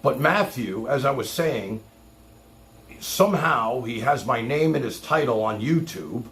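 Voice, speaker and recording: A man's voice: medium pitch, animated, a little slow, fairly bright tone. A man hosting a livestream, ranting in a heated, mocking and sarcastic way. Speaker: livestream host.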